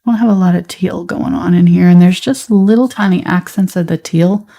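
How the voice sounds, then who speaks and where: A woman with a light Southern US accent, teaching a live painting tutorial in a relaxed, chatty way while she paints. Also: on the low side, fairly quick. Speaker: painting instructor.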